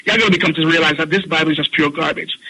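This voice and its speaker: A man's voice: on the high side, fairly even intonation, very fast, sharp tone, husky, rough recording. A man with a Jamaican accent calling in to a talk show, scolding and mocking in a heated rant. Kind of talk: heated ranting monologue.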